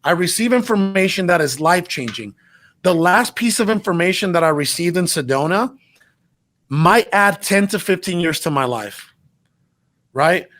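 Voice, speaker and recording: A male interview host with a fairly high voice. He asks his guest probing questions in an enthusiastic, conversational way. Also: expressive, moderate pace, fairly bright tone.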